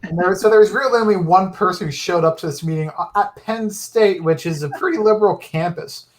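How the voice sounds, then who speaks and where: A young man with a voice a touch higher than most men explains things loosely on a podcast. He leans on fillers and restarts as he goes. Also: fairly quick. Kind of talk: casual podcast chat.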